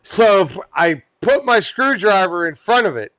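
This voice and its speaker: A man with a high, bouncing voice tells a wild work story, swearing freely and breaking into laughter. His pitch swings all over. The sound is close and dry, with no room around it. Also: sing-song, unhurried, a bit bright, no room sound. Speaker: podcast guest; pest control worker. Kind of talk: animated storytelling.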